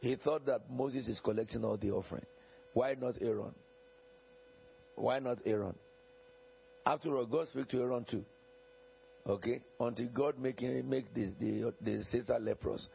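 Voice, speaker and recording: A man's voice: mid-range voice, moderate pace, creaky, a little hiss or hum. A man preaching a sermon as pastor, emphatic and repetitive, often chuckling and checking in with the congregation. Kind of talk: sermon with Bible reading. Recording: dull lo-fi recording.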